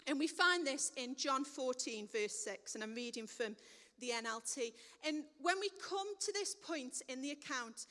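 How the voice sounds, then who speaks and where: A woman's voice: high voice, expressive, measured pace, bright, forceful tone. A woman preaching a sermon in a conversational, plain-spoken way, recorded in a church hall with long reverb.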